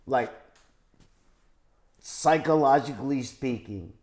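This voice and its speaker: A man, a comedian chatting as a podcast guest, animated and acting out his friends' voices. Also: mid-range voice, slow pace. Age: 40s. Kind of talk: casual podcast chat.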